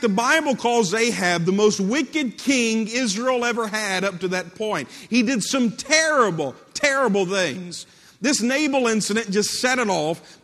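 High-voiced male preacher in a hall. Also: fairly bright tone. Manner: dramatic storytelling with repetition. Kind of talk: sermon. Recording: long hall reverb.

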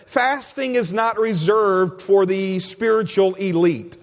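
A man's voice: high voice, slow, long reverb tail, faint music behind. A man preaching a sermon as pastor, emphatic and repeating key phrases, often calling his listeners friend.

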